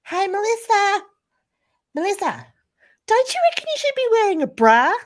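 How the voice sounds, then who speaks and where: A woman voicing her blunt, loud old grandmother. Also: extremely high pitch, sing-song, moderate pace, voice pushed up.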